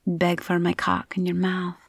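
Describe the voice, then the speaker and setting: A woman voicing a dominant man's clipped orders in her own low whisper-tinged voice, as part of a whispered role-play. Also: monotone, measured pace, vocal fry, no echo, studio quality. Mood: commanding. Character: commanding dominant man, stern and controlling.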